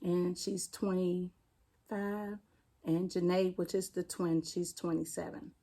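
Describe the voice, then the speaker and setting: Mellow-voiced D.C. woman recounting her loss. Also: fairly low pitch, fairly even intonation. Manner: plainspoken, halting, retelling a painful loss. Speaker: interview guest, firefighter. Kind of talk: personal storytelling in an interview.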